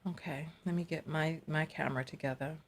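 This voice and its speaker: A woman's voice: sits low, steady tone, a little fast. A woman hosting a live reaction stream, chatting with her viewers and voicing her disbelief. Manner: chatty, talks to viewers as y'all, incredulous.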